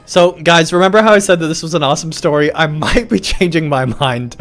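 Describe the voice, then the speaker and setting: A young man streaming a video game live, excitable and laughing often, saying "like" a lot. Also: on the high side, brisk, hardly any pauses, faint music behind. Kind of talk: live gameplay commentary.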